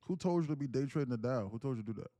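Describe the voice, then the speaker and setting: A man's voice: mid-range voice, lively intonation, racing, mellow. A man talks loosely to his live-stream audience, full of slang and restarts. He circles back to the same phrases as he pushes his advice. The tone stays earnest and insistent, like a coach leaning on his crowd. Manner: slangy, repeats himself, keeps calling out "guys, listen". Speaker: day-trading livestream host. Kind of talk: casual live-stream talk to viewers.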